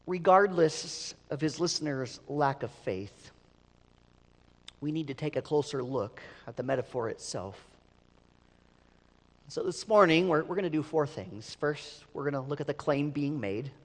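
A man's voice: on the high side, expressive, unhurried. A man preaching a sermon as pastor, emphatic, sometimes repeating words as he restarts. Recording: long reverb of a large hall.

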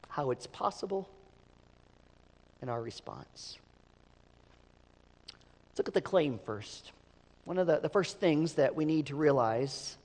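A man preaching a sermon as pastor, emphatic, sometimes repeating words as he restarts. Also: on the high side. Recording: long reverb of a large hall.

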